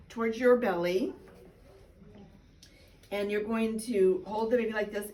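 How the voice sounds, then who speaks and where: Chatty midwife teaching on camera. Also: female voice, darkish tone, distant mic, low-quality recording. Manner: chatty, playful, breaks into high sing-song baby talk. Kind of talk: instructional demonstration. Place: indoor room. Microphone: camera mic.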